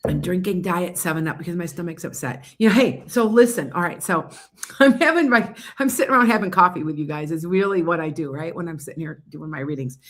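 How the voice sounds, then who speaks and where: Woman, psychic reader, livestream chat, rambling, bright tone, fairly low pitch. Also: expressive, brisk. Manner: rambling, loses her train of thought.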